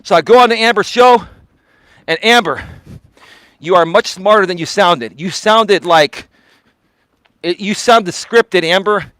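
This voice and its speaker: High-voiced man, confrontational rant. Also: measured pace, pauses often, a bit bright, dry recording. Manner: confrontational, repetitive, swears. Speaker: life coach host. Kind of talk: heated livestream rant. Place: outdoors on a walk.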